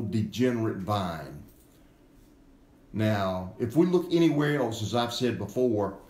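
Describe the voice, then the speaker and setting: Slow emphatic male pastor, echoey room. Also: lowish voice, darkish tone. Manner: slow and emphatic, repeating key words. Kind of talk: sermon.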